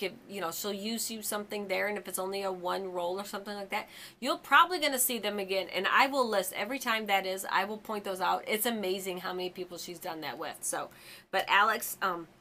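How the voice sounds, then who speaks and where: A woman's voice: medium pitch, bright, forceful tone, a little hiss or hum. A woman in her forties hosting a fan channel, chatting casually and rambling about a TV episode with lots of ums and side stories. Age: 40s.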